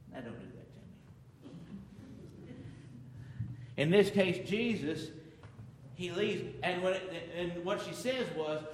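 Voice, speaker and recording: A man preaching a sermon as pastor, swinging between loud emphasis and quiet asides. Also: on the high side, background noise. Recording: echoey hall reverb.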